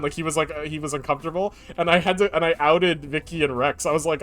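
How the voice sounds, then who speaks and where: A man's voice: on the high side, fairly even intonation, fast, hardly any pauses, fairly bright tone, faint music behind. A young man streamer chatting casually on a live stream, rambling and joking, now and then baby-talking to his cat. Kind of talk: casual chat.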